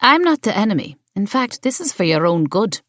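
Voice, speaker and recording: A woman's voice: medium pitch, very animated, a little fast, a bit bright, no echo, studio quality, voice pushed up. A woman reading the part of a cool, businesslike landlady pressing a deal. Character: cool, pushy woman landlord in a pristine suit.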